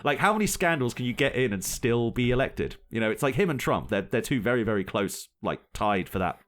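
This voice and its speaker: A man's voice: medium pitch, lively intonation, fairly quick, a bit bright. A young man co-hosting a casual podcast, talking through a story and often breaking into laughter. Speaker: podcast co-host.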